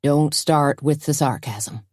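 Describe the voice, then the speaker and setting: A woman reading an audiobook, voicing a gruff middle-aged male sheriff who gives stern, commanding warnings. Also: deep voice, takes it slowly, dry recording, studio quality.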